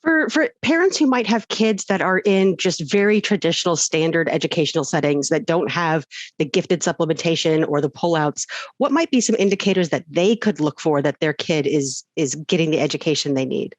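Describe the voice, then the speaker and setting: A woman's voice: deep voice, expressive, fairly quick, dry recording. A woman hosting an online support session, politely summarizing and thanking her guest. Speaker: host.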